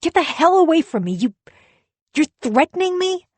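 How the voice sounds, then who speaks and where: Woman voicing a defensive, shouting husband. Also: on the low side, measured pace, slightly rough, dry recording. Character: angry self-pitying husband, grown man.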